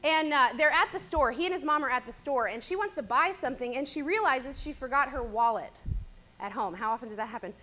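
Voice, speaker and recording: High, bright-voiced young woman speaker. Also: brisk. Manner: chatty, animated storyteller. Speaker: teacher speaking to a church audience. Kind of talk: personal sermon-style talk.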